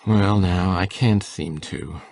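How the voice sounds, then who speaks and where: A man voicing a soft-spoken elderly farmer, shy and fond, with a very deep, gravelly voice that drawls slowly in homespun phrases. The sound is close and dry, with no room around it. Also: no echo, full character voice. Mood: weary. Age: older. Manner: slow, halting, homespun speech. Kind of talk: full-cast audiobook drama.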